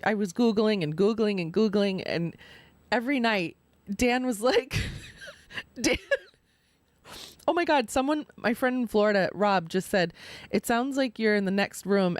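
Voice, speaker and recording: A woman's voice: medium pitch, no room sound. A woman hosting a live stream, chatting casually and laughing often as she tells stories. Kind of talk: casual chat.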